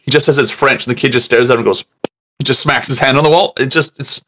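Man, casual movie-review host, rambles, curses, mimics scenes; mid pitch. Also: fairly even intonation, fast, fairly bright tone, a little hiss or hum. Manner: rambling, swearing, acts out scenes in voices.

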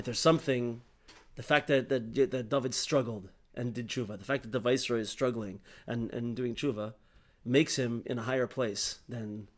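A man leads a Torah study discussion in a middle-pitched voice, explaining animatedly and restarting often. He checks in with his listener as he goes. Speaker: Torah teacher.

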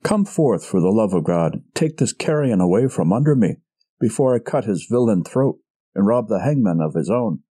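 A man reading a story, voicing a hard young man who speaks with cold, dangerous calm. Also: on the low side, moderate pace, slightly rough, no room sound. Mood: furious. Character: hard young man, coldly suspicious, furious. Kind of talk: audiobook character reading.

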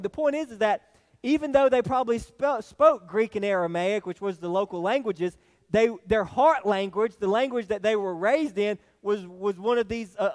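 Preaching in a church sanctuary with a big-room sound, a male pastor with a high voice and a Southern US accent gives a folksy sermon. He often restarts phrases and keeps asking "all right?".

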